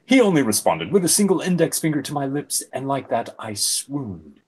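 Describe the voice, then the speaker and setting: A man's voice: mid-range voice, moderate pace, very noisy. A man giving a comedic dramatic reading of fan fiction, breaking into giggles. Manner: expressive, giggling.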